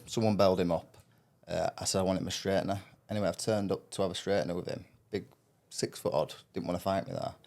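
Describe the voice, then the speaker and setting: A podcast co-host tells a rambling, laid-back story in casual chat, frequently saying "you know what I mean." His voice sits low with a darkish tone.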